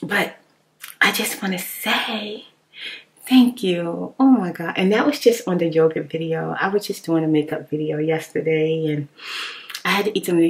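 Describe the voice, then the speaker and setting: A woman chatting casually on her vlog, expressive and informal, laughing often and slipping at times into a whisper. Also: lowish voice, moderate pace. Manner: informal, animated storytelling. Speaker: ASMR vlogger. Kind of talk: casual rambling chat reading viewer comments.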